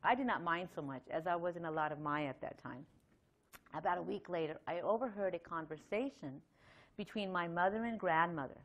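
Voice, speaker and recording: A middle-aged woman giving a Sunday temple lecture, talking conversationally with many fillers and reading a long letter aloud. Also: fairly low pitch. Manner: conversational, chatty with frequent fillers and light laughs; reads a letter aloud at length. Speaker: temple speaker.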